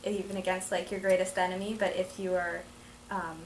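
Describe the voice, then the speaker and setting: A teenage girl student explains a passage and reads it aloud, sounding hesitant and full of ums and likes. Her voice is lowish and level, a little fast, recorded in an echoey room with faint noise.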